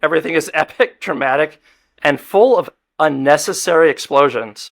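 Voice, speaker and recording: A man's voice: a little high, moderate pace, creaky, fairly bright tone. A man hosting a comedy game show, reading prompts aloud and cracking jokes. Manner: wisecracking, reads prompts aloud. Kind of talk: joking podcast game show banter.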